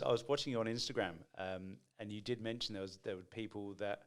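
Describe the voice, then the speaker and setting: Rambling podcast host. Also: male voice, fairly low pitch, fairly even intonation, fast talker, a little hiss or hum. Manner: friendly, rambling questions, calls guest mate. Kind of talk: casual podcast interview.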